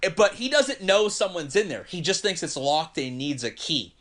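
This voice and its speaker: High-voiced man telling a story. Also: normal speed. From Northern California. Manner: animated, profane, rambling. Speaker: podcast host. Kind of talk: casual storytelling chat.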